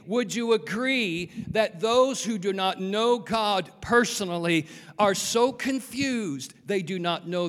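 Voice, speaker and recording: A man's voice: high-pitched, a bit bright. A man preaching a sermon in an earnest way, often putting rhetorical questions to his listeners. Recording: long hall reverb.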